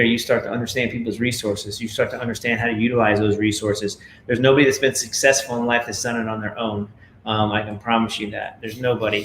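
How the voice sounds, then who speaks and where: A man's voice: medium pitch, fairly bright tone, roomy sound, slight background noise, rough recording. A man casually talking to viewers at home, rambling with many fillers and a preachy tone. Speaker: network marketing leader. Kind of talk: casual video talk to viewers.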